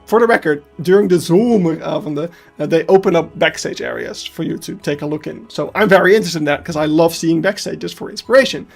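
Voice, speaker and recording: Brief: live streamer, casual, cusses a lot, mid-pitched, faint music underneath. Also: fairly quick, gravelly, few pauses, husky. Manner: heated ranting, swears freely, laughs at self. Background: faint background music.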